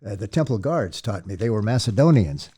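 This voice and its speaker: A man's voice: fairly low pitch, very animated, a little fast, mellow, breathy edge. A man voicing a proud young priest in an audiobook, speaking formally and courteously with slight hesitations. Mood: polite. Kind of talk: audiobook character voice.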